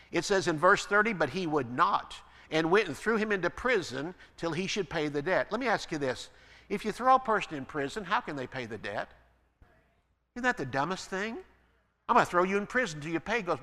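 A man preaching a sermon as pastor, building to emphatic peaks and then dropping to quiet asides. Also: a little high, long reverb tail. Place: church.

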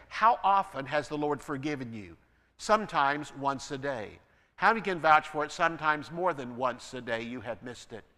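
Bright-voiced man preaching in a hall. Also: a little high. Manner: preaching with rising emphasis, then dropping to a quiet aside. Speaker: pastor. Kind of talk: sermon. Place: church.

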